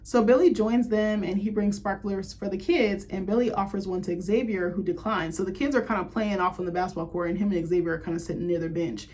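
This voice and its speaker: A woman recapping a TV episode in a loose, chatty way, swearing freely and leaning on "like" as she goes. Her pitch sits in an ordinary middle range. She talks straight to her viewers as if chatting with friends. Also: steady tone, fairly quick, few pauses, a little mellow. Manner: chatty, profane, heavy use of "like". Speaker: show reviewer.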